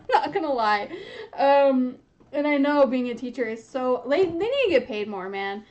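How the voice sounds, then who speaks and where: A woman's voice: high-pitched, expressive, moderate pace, a little mellow, muffled recording. A young woman hosting a casual book reaction, chatty and giggly, often laughing mid-sentence. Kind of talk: casual reading reaction chat.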